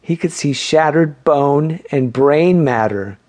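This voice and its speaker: A man reading an audiobook novel in measured, scripted narration. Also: a little high. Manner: measured, even storytelling.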